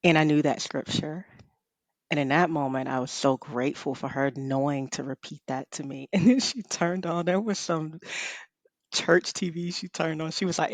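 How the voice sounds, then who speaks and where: A middle-aged woman and author, a guest telling a personal story in a conversation, expressive, laughing often and saying "you know" a lot. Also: sits low, normal speed, no room sound. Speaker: author and rest coach, guest.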